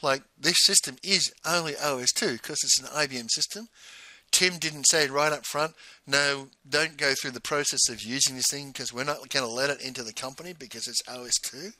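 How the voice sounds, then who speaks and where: A man's voice: mid-range voice, moderate pace, sharp tone, no echo, low-quality recording. A man, a former salesman, telling his own story frankly, with bursts of indignation. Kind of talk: candid personal storytelling.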